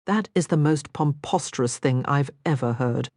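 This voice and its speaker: A woman voicing an impulsive young noblewoman who talks quickly, indignantly and earnestly, in a dry, close audiobook recording. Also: deep voice, darkish tone, no room sound.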